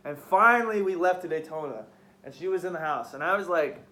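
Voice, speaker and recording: Bright-voiced young man telling a heated story. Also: fairly high pitch, lively intonation, fairly quick. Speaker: podcast host. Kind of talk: casual storytelling chat.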